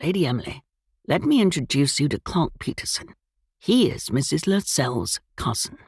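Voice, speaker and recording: A courteous young gentleman and devoted husband, as a woman reader puts him on, pitched lower than her own voice. Gentle and polite, in a breathy, dry audiobook read. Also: very animated, moderate pace, no room sound, full character voice.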